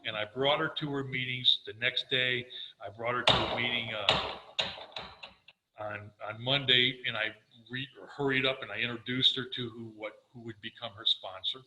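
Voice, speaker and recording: A man's voice: medium pitch, normal speed, roomy sound, a little hiss or hum, rough recording. Earnest older man telling his story. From Florida. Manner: earnest storytelling, quoting himself, animated. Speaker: recovery speaker. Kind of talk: personal testimony talk.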